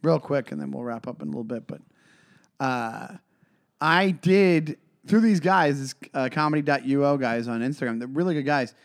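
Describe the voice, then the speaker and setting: Animated, swearing man in his forties. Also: mid-range voice, moderate pace. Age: 40s. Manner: animated, swearing, many restarts. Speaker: comedian and podcast co-host. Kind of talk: casual chat, storytelling.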